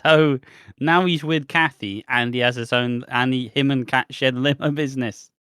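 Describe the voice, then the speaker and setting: A man's voice: mid-range voice, steady tone, unhurried, fairly bright tone, smooth, no echo. A man co-hosting a podcast in casual chat, with wry jokes and dry sarcasm. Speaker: podcast co-host.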